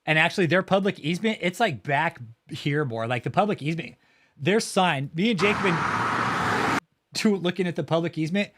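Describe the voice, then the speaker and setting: A man's voice: a little high, expressive, normal speed, very noisy. A man livestreaming outdoors by a road, talking casually in a blunt, profane, mocking way.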